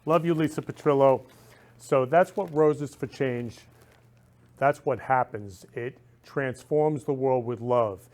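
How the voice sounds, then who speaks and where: A man's voice: medium pitch, slow pace, a little mellow. A man hosting a talk show, speaking casually and effusively, rambling and constantly saying he loves people. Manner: effusive, repeats "love" and "I love you" constantly; rambling with frequent restarts.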